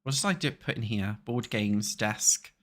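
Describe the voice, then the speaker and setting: Playing a building game on stream, a young British guy chats loosely with his viewers and curses without restraint. He speaks a little slowly in a lowish, fairly bright voice.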